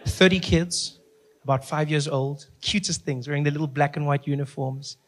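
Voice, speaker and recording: A male stand-up comedian telling a story in an animated way and acting out the people in it. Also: on the high side, normal speed. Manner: animated, acts out characters.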